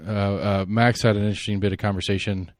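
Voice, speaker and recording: Man, low voice, rambling opinionated podcast host, dry close sound. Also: little pitch movement, quick pace, no room sound. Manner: rambling, opinionated, thinks out loud. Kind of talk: solo political commentary.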